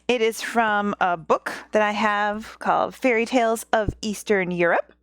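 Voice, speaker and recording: A woman with a medium-pitched, clear, resonant voice speaks a little slowly, casually retelling a fairy tale with playful, giggly asides. She's a podcast host and storyteller recording at home on a podcast microphone, and the studio-quality audio has no room sound.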